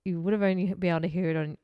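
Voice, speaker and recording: Young woman podcast host, kinda low voice, super dry close mic, laughs a lot. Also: mellow, no echo. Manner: chatty, laughs often, swears casually. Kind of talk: casual true-crime podcast chat.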